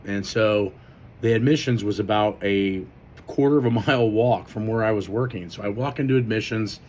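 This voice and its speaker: A man's voice: on the low side, normal speed, a little mellow. Man rambling through a casual story. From Indiana, US. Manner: loose and rambling, many fillers; swears casually. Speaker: strength coach.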